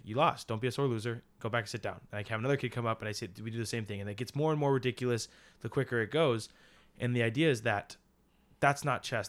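A man's voice: on the low side, a bit bright. A young man co-hosting a casual faith podcast, explaining at length in an earnest, rambling way with many fillers. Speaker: podcast co-host and teacher.

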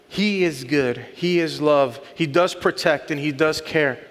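A man's voice: fairly high pitch, unhurried. A man in his thirties or forties preaching a sermon, earnest and building to emphatic lists. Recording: long hall reverb.

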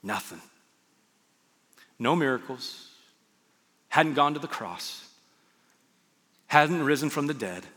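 A man's voice: medium pitch, animated, slow pace, long pauses, pushed and bright, breathy edge. A man preaching as a pastor, talking to his listeners conversationally and asking them rhetorical questions. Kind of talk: sermon. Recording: long hall reverb.

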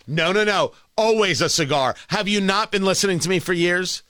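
A man's voice: high-pitched, expressive, moderate pace, a bit bright, no echo, clean studio sound. A man hosting a political talk radio show, delivering a sarcastic, opinionated monologue full of rhetorical questions.

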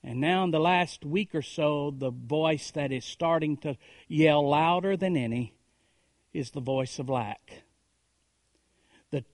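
In a church, a man preaches as pastor, building on repeated phrases and rhetorical questions while shifting between hushed lines and raised, emphatic calls. His voice is a little high, and the recording is dry with clean studio sound.

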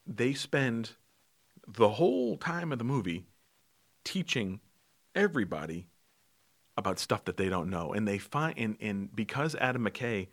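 A man's voice: fairly low pitch, sing-song, unhurried, pauses often. A man co-hosting a casual movie chat, talking about films with enthusiasm and explaining things as he goes. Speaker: podcast co-host.

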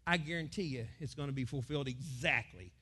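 A middle-aged man from the United States, preaching a sermon as pastor and acting out crowds and quotes in sudden loud bursts. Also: mid-range voice, fairly quick, husky.

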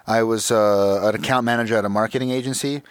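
Podcast guest, mid-pitch, slangy and loose, dry close sound. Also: male voice, steady tone, fast, smooth, no echo. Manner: loose and slangy, says dude and like often. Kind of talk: casual chat.

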